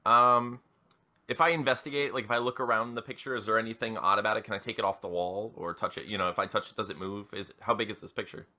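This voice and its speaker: A man's voice: fairly low pitch, fairly even intonation, fast, bright, forceful tone. A man playing a tabletop game, asking hesitant questions about the scene. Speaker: player. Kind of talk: casual tabletop play.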